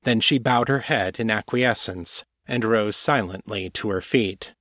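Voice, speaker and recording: Fiction narrator, male, low voice, measured delivery, dry booth sound. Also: fairly bright tone, dry recording. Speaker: audiobook narrator.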